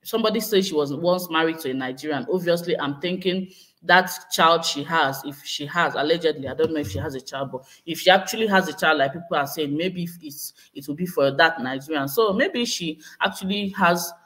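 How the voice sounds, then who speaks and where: A woman's voice: low-pitched, a little fast, a bit bright. Chatty woman vlogger speculating on live stream. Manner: speculative, hedging, reads out viewer comments. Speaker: vlogger hosting a live chat. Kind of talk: casual live-stream commentary.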